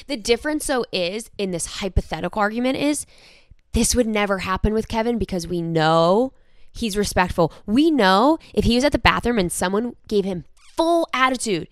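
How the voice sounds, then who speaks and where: A young woman co-hosting a podcast in casual chat, emphatic and quick to act out how people would react. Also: medium pitch, expressive, no room sound, clean studio sound. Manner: emphatic, acts out quoted reactions. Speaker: podcast co-host.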